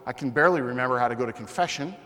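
A man giving a personal testimony talk as a Catholic speaker, telling his story with animated, self-deprecating humor. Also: medium pitch, racing. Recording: long hall reverb.

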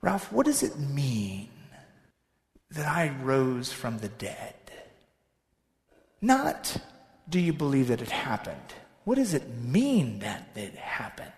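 A man voicing Jesus as a calm, patient figure who speaks gently and steadily to a believer. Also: high voice, normal speed. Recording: echoey hall with long reverb.

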